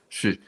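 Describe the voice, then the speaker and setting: A man co-hosting a casual movie watch-along, hesitant and crude. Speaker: podcast co-host.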